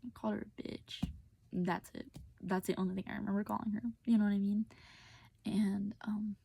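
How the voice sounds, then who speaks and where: A woman's voice: medium pitch, little pitch movement, fairly quick, vocal fry, warm tone, husky, no echo. A young woman telling a personal story in a rambling, casual way with lots of filler words, often half-whispered, recorded on a phone. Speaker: vlogger.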